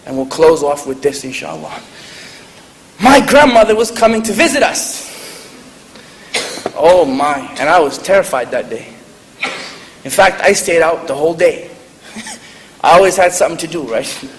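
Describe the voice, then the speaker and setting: A man's voice: fairly high pitch, lively intonation, measured pace, pauses often. Earnest man preaching in an echoey hall. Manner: earnest, storytelling, laughs at himself. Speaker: convert speaker. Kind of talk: sermon-style talk to a live audience. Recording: echoey hall, faint noise.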